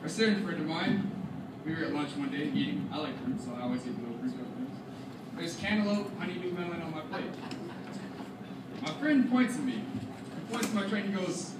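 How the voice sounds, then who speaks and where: A man's voice: a little high, brisk, very noisy. A teenage boy performing stand-up comedy at a school show, telling stories and acting out his friends' lines. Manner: animated storytelling, acts out friends' lines. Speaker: student comedian. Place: school auditorium with live audience. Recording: echoey hall, distant, loud crowd laughter.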